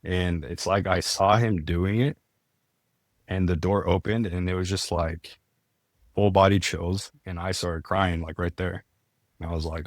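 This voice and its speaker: A man's voice: deep voice, little pitch movement, moderate pace, no room sound, studio quality. A young man, a podcast guest, telling his story in a casual, earnest way, full of "like" and restarts. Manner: earnest, many "like" fillers and restarts.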